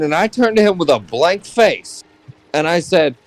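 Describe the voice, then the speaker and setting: A man's voice: on the high side, sing-song, normal speed, no room sound, rough recording. A man telling casual stories in voice chat with a dry, sarcastic manner. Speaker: friend in voice chat. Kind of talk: casual storytelling.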